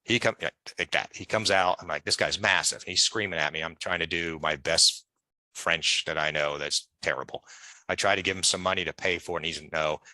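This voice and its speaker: His voice sits low and sounds pushed and bright, moving a little fast in a dry recording. As an interview guest, he chats through long, digressive stories, acting out whoever he quotes.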